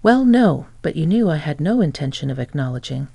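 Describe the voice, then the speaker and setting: Narrator doing a defensive, gravelly ex-husband for a story read-aloud, dry close sound. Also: male voice, on the high side, big pitch swings, brisk, warm tone, no echo, heavily acted. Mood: pleading. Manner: defensive, blustering. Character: angry, flustered male ex-husband.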